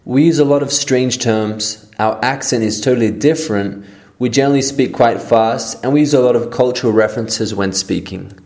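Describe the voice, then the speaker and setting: A man from Australia with an Australian accent, reading a scripted English lesson aloud and explaining terms in a steady, plain way. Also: mid-range voice, moderate pace. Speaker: English teacher.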